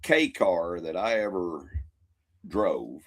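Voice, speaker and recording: Really deep voice guy, swings his tone around a lot, dry little comments. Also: expressive, slow pace, fairly bright tone. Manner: short dry reactions and asides. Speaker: podcast co-host. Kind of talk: casual chat.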